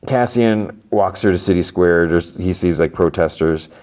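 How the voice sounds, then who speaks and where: A deep-voiced man talks through a TV episode for his podcast, scene by scene. His retelling rambles, full of fillers, false starts and quick paraphrased lines of dialogue. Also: a little mellow. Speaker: podcast host. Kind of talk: casual episode recap.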